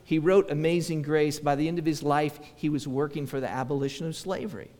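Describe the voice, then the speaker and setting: A man's voice: a little high, fairly even intonation, brisk, darkish tone, big-room sound. A male pastor preaching a conversational sermon, acting out quoted voices and often restarting his sentences.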